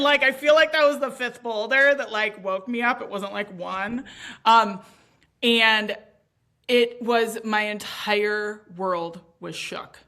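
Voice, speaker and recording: Bright-voiced woman telling her story emphatically. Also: mid-range voice. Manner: emphatic, animated, swears casually. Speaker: podcast guest. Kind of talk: candid interview storytelling.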